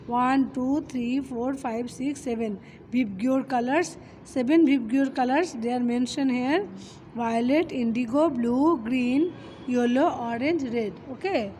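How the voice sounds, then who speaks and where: A woman teacher, reading a children's poem aloud and then explaining it step by step, often pausing to address the children. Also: sits high, darkish tone, a little hiss or hum. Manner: reads slowly, then explains step by step with frequent "okay" and "children". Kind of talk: classroom poem lesson.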